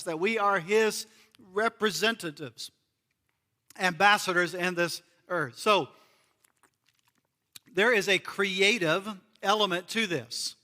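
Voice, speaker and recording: A man's voice: high-pitched, bright, forceful tone, long reverb tail. A man from the United States preaching a sermon as pastor in a church, earnest and repeating key phrases for emphasis. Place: church sanctuary.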